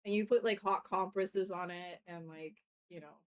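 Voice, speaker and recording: A woman's voice: on the low side, steady tone, normal speed. A woman livestreaming while she works, chatting casually with viewers, laughing often and retelling things with animation. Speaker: livestreaming artist. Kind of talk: casual chat while working.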